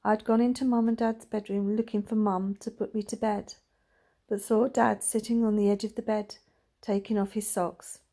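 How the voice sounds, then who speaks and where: Woman gently reading a story aloud. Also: mid-range voice, level tone, normal speed. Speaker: reader.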